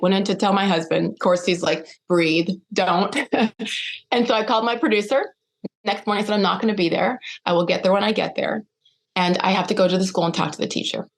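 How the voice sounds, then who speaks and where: A middle-aged woman speaking as a podcast guest, telling a personal story with lively, acted-out dialogue. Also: medium pitch. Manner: animated, acts out quoted dialogue.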